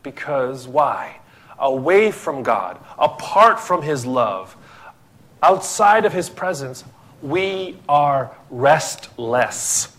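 A man's voice: medium pitch, sing-song, extremely slow, a bit bright. A man from the Philippines, preaching a sermon as pastor, emphatic and full of rhetorical questions.

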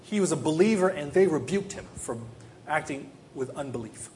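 A man preaching a sermon with passion, climbing into loud rhetorical questions and then dropping to a soft, quiet close. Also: a little high, lively intonation, moderate pace, slight background noise. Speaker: pastor.

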